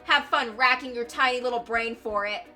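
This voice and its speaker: A woman's voice: on the high side, fairly even intonation, moderate pace, bright, forceful tone, faint music behind. A woman voicing a vengeful male ex-convict from a game, taunting and sneering with mock sweetness that turns to snarling threats. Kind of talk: reading a game aloud with voices.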